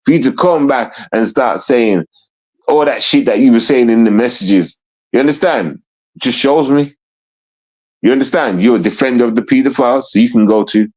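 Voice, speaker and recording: A man with a mid-range, darkish voice rants on a livestream at a moderate pace, captured in a rough recording. The streamer is profane and heated, repeating himself emphatically and asking listeners again and again, "you understand?"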